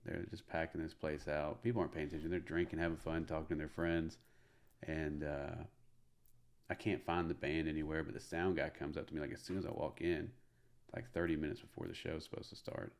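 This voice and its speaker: Deep gravelly man telling stories. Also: fairly quick. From Middle Tennessee. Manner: animated, filler-heavy storytelling. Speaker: comedian guest. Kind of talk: casual storytelling.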